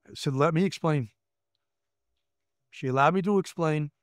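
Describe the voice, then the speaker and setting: A man's voice: on the high side, moderate pace, no room sound, clean studio sound. Emphatic older New York man. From Brooklyn, New York. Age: 70s. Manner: emphatic, acts out quoted voices, repeats words. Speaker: retired federal agent, guest. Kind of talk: candid interview storytelling.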